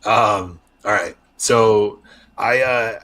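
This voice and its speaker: A young man from Arizona, a wrestler, chatting candidly as a podcast guest and telling lively stories. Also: on the low side, very slow. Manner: candid storyteller, animated voices in anecdotes. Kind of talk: casual podcast interview.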